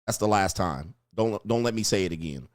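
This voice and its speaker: A man's voice: on the low side, lively intonation, fairly quick, dry recording, studio quality. A man giving blunt, crude relationship advice in a mocking, preachy rant, answering viewer comments. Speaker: dating advice host.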